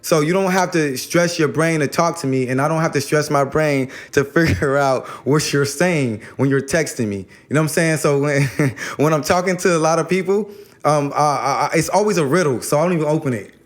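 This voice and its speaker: A man's voice: on the high side, a little fast. A man talking casually about spirituality as a guest, rambling and slangy, often repeating words as he starts a thought.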